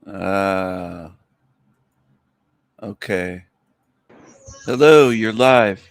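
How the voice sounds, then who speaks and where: Male stream host, slow delivery, blunt and mocking, dry recording. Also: deep voice, vocal fry, smooth, dry recording. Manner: blunt, insulting toward callers. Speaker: livestream host. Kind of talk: live stream commentary.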